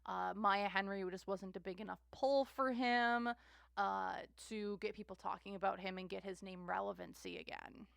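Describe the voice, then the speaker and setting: A woman talks through a tarot spread in a casual, wandering way, circling back over the same points. Her voice has a gravelly fry at the edges. The recording is dry and close, with no room sound. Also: medium pitch, a bit bright, no echo. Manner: rambling, repeats herself, frequent fillers and trailing-off sentences. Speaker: tarot reader. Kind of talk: casual tarot reading monologue.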